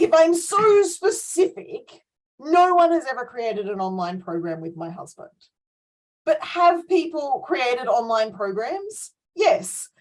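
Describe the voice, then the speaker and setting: A middle-aged woman coach talking in a casual group discussion, animated and ranting, often laughing between points. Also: a little high, rough recording.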